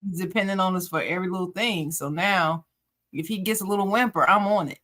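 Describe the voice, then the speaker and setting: A woman's voice: lowish voice, brisk, a bit bright. Chatty grandmother co-hosting a podcast. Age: older. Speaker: podcast co-host. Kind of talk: casual chat.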